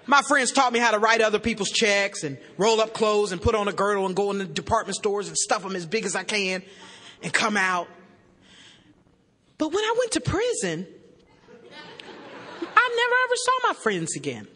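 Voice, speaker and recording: A woman giving a personal testimony to a live audience, emphatic and joking, sometimes shouting. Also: mid-range voice, big pitch swings, moderate pace, pauses often, some chatter behind. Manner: emphatic, joking and shouting between earnest passages. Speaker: speaker at a recovery meeting. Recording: reverberant hall, live amplified talk.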